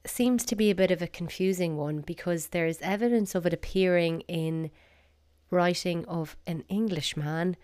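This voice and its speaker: A woman's voice: fairly low pitch, normal speed, a little mellow. Chatty South Dublin woman podcaster. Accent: South Dublin Irish. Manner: chatty and wry, acts out phrases. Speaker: podcast host. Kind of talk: casual solo podcast monologue.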